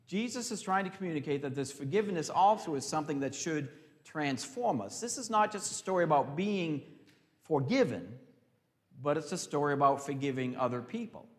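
A man preaching a sermon. He swings between loud emphasis and hushed, drawn-out phrases, and leads the congregation in call-and-response. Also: fairly high pitch, lively intonation, long reverb tail. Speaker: pastor.

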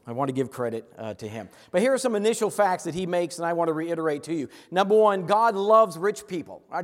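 Fast-talking preacher from Massachusetts. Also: male voice, high voice, long reverb tail. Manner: earnest, with quick asides and slow emphatic stresses. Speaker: pastor. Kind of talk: sermon.

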